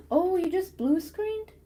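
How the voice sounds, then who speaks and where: A woman's voice: extremely high pitch, slow pace, mellow. A woman chatting casually and rambling with many fillers while she crochets on a stream.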